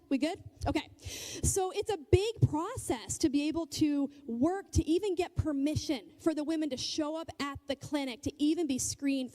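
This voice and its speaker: High, mellow-voiced woman speaker. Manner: conversational and earnest, checks in with audience. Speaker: guest speaker, nonprofit leader. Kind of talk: church talk with stories.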